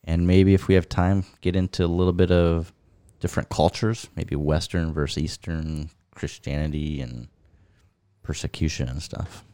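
Deep-voiced co-host with dry teasing. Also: male voice, little pitch movement, moderate pace, warm tone, clean tone, no room sound. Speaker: podcast co-host. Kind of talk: casual chat.

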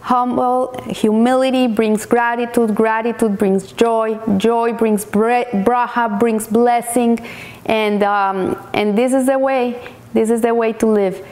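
A woman delivering a weekly Torah lesson with a slightly high voice. She speaks in halting phrases, restarting and repeating words as she gathers her thoughts. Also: fairly even intonation, darkish tone. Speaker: Torah teacher.

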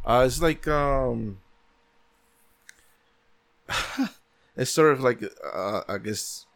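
A man's voice: mid-range voice, expressive, extremely slow, gravelly, fairly bright tone. A man in a casual film chat, talking hesitantly and searching for words. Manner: hesitant, lots of fillers and restarts. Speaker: podcast guest.

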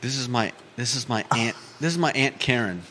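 A relaxed man from California, co-hosting and answering the host's questions with easy hesitation and quick laughter. His voice is mid-pitched, and it trails off into long studio reverb. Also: slight background noise. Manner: laid-back, hesitant, laughs easily. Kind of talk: casual chat.

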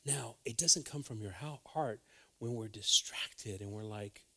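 A man's voice: fairly low pitch, a little slow, vocal fry, pushed and bright. A man preaching a sermon in an earnest, emphatic way, repeating phrases for weight.

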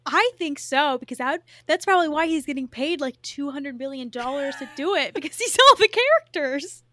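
A young woman with a high, bright voice co-hosts a podcast. She talks bluntly with sarcastic asides and plenty of swearing. The recording is dry and close. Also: animated, moderate pace, dry recording. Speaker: podcast co-host. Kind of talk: casual chat.

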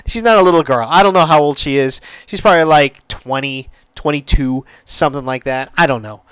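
Male podcast host, slightly high and smooth voice, chatty, rambling, swears a lot, dry close sound. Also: fairly quick, hardly any pauses, fairly bright tone, no room sound. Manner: rambling, repeats words, swears freely. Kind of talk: casual solo podcast chat.

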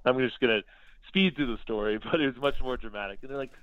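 A man's voice: medium pitch, fairly quick, no echo. A man, a podcast guest, telling a story casually and acting out the dialogue he quotes. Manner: lively, acts out quoted dialogue. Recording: dull lo-fi sound.

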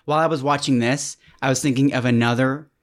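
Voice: medium pitch, steady tone, fast talker. Podcast cohost, mid voice, chill and agreeable, laughs easy. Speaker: podcast co-host. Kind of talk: casual chat.

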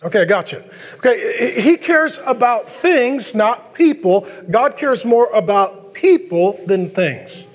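A man preaching a sermon as a pastor, animated and joking, acting out biblical dialogue in playful voices. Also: extremely high pitch, slow. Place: large church hall. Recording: long hall reverb.

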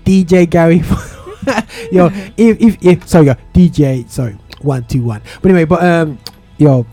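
A man's voice: a little high, sing-song, measured pace, mellow, faint music behind. A man hosting a radio show in casual chat, playful and rambling, full of slang and restarts.

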